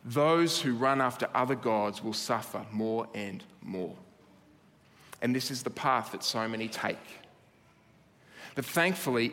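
A man's voice: mid-range voice, fairly bright tone. A man preaching a sermon in an earnest way, building emphasis through repeated phrases. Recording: long hall reverb.

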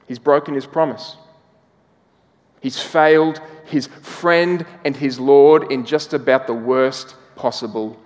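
A man preaching a sermon as pastor, telling a story and slowing down, dropping soft for emphasis. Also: medium pitch, long reverb tail. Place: church hall.

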